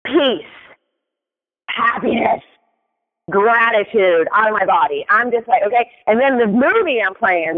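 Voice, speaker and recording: A man's voice: high-pitched, animated, unhurried. A man giving a motivational talk, telling a story with emphatic delivery and often asking "right?". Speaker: motivational speaker. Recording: tinny phone-like sound with long reverb.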